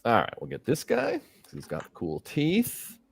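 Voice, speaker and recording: A man's voice: medium pitch, huge pitch swings, unhurried, creaky, husky. A middle-aged man hosting a casual live stream, thinking aloud as he works, rambling with fillers. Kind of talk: casual livestream chat while working.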